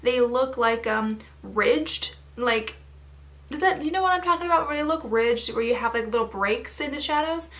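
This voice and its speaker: A young woman chatting casually through a makeup tutorial, rambling with lots of fillers and a slightly hoarse throat. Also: fairly high pitch, animated, normal speed, fairly bright tone. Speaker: beauty vlogger.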